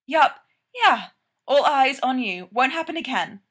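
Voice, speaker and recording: A woman's voice: high voice, animated, unhurried, fairly bright tone, pitched above the performer's own voice, exaggerated voice. Woman doing a jittery, sarcastic young guy, raised and breathless. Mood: eager. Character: excitable wisecracking male character, quick and breathless.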